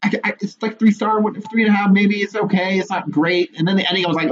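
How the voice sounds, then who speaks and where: A young man co-hosting a podcast in casual chat, animated and swearing a lot, laughing often. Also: high voice, fast talker. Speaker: podcast co-host. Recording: muffled lo-fi audio with faint noise.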